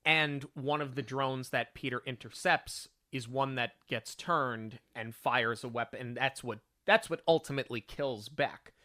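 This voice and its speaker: A man's voice: mid-range voice, a little slow, hardly any pauses, pushed and bright, no room sound, clean studio sound. A man co-hosting a film review podcast, making his case in an analytical, firm way. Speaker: podcast co-host. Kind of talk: casual film review chat.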